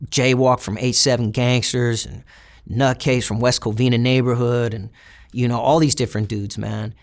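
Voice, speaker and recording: A man's voice: medium pitch, level tone, moderate pace. A young man, an interview guest, telling a personal story in a casual, reflective way and voicing the people in it. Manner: casual, reflective retelling with acted quotes of other inmates.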